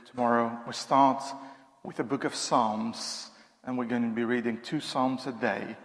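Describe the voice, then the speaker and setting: A minister preaching in a church hall, speaking conversationally with frequent pauses and ums. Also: male voice, mid-range voice. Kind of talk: sermon. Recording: echoey church hall reverb.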